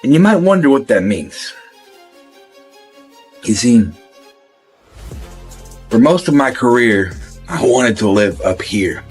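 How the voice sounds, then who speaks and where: A man giving a measured wrestling promo, talking straight at his rival with a dismissive calm. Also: mid-range voice, husky, faint music behind. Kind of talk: slow reflective wrestling promo.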